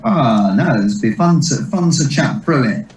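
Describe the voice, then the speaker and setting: A man, a comedian telling rambling stories in a relaxed interview, quick to laugh. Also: mid-range voice. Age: 30s. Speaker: comedian and impressionist guest. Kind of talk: casual interview chat. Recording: echoey distant mic.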